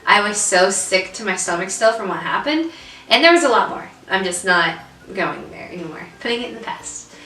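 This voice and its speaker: Bright-voiced woman telling a story, roomy sound. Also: medium pitch, expressive, moderate pace, far from the mic. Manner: emotional storytelling with many fillers. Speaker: vlog co-host. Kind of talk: casual chat. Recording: roomy echo, away from the mic.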